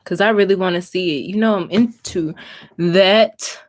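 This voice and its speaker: A woman's voice: medium pitch, normal speed. A young adult woman from Mississippi with a Southern US accent, chatting casually with viewers on a crafting livestream and answering their comments.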